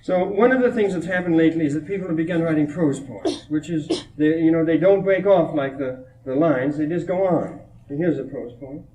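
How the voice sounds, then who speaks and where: A man's voice: a little high, a little fast, few pauses, warm tone, a little hiss or hum. A man, a poet from Minnesota, chatting to an audience at a reading and retelling a small child's stories with amusement. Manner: chatty and amused, laughing between anecdotes. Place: college hall before an audience. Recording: roomy echo, distant mic, old reel-to-reel tape.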